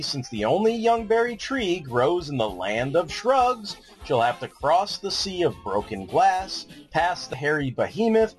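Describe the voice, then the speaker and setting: A man's voice: mid-range voice, rough recording. A man hosting a podcast, rambling sardonically and swearing as he reads a synopsis. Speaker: podcast host. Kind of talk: casual podcast chat, reading a synopsis.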